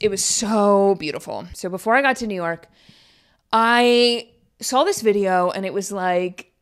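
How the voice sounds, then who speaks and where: A young woman hosting her own podcast, talking casually in an upbeat, rambling way with lots of fillers. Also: fairly low pitch. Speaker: podcast host. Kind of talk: casual solo podcast chat.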